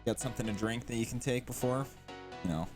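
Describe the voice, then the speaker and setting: A man's voice: mid-range voice, quick pace, over music. Upbeat male podcast co-host. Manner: upbeat, steers the show, chatty. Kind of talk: casual podcast chat.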